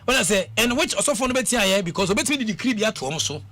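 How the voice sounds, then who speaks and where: A man's voice: sits high, expressive, racing, sharp tone, slight background noise. A man with a Ghanaian English accent hosting a radio talk show, emphatic and rambling, mixing English with Twi. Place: radio studio.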